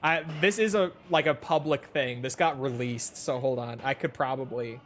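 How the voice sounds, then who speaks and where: A man's voice: medium pitch, lively intonation, moderate pace, a bit bright, a little hiss or hum. Chatty amused male streamer. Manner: chatty, amused, laughs often. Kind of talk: casual reaction commentary.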